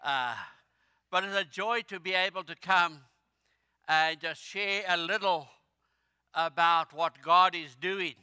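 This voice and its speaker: An older South African man, sixty or beyond, preaches a sermon as a visiting missionary, speaking slowly and haltingly with plenty of fillers. His voice is high-pitched, bright and forceful, captured in clean, echo-free studio quality.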